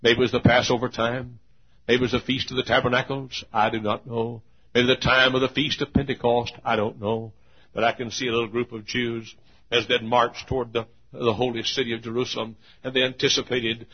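An older man, a pastor, preaching a sermon that swings between hushed storytelling and shouted exhortation. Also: medium pitch, little pitch movement, a little fast. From Texas. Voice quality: gravelly and husky. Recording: dull lo-fi recording.

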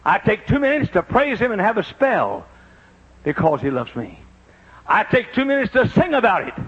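Husky older preacher with a wildly swinging voice. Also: male voice, huge pitch swings, moderate pace, lo-fi sound. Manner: swings from low confiding talk to high shouted praise. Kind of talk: sermon.

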